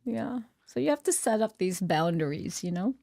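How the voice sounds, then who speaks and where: A woman's voice: mid-range voice, animated, normal speed, gravelly, dark tone, dry recording, studio quality. A middle-aged woman being interviewed as a guest, talking in an earnest, reflective way with frequent fillers and restarts. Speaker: podcast guest, author. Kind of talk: candid conversational interview.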